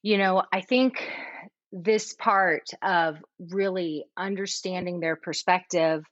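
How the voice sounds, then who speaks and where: A woman's voice: fairly low pitch, slow, no echo, highs cut off. A woman guest on a parenting talk show, explaining thoughtfully with everyday comparisons. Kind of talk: casual podcast chat.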